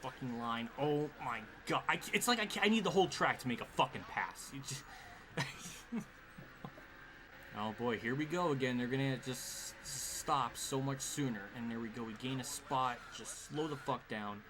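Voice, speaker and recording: A man's voice: medium pitch, normal speed. Exasperated man swearing through live gameplay. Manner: exasperated, swearing, laughing at himself. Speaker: streamer. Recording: clear background noise.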